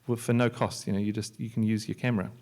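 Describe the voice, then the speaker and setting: Male panel speaker, low-pitched, relaxed and joking, stumbles and restarts a lot. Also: fast. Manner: joking, loose, with many restarts and fillers. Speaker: panel speaker, software entrepreneur and filmmaker. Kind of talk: conference talk. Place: lecture hall at a library.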